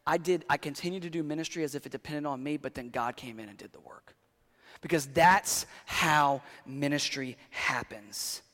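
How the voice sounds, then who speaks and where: A male pastor preaching a sermon in a conversational, animated storytelling way, swinging from loud to quiet. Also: a little high. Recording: long hall reverb.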